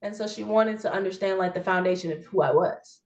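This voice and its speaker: A woman's voice: mid-range voice, brisk. A young adult woman, an author guest, telling her story in a casual, slangy interview chat and acting out past conversations. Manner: animated storyteller who reenacts conversations in a raised voice; informal slangy phrasing.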